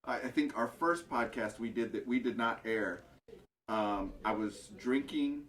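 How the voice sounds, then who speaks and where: A man's voice: medium pitch, a little slow, fairly bright tone. A man hosting a podcast, talking candidly about himself with self-mocking humor and frequent chuckles. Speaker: podcast host. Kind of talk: casual chat.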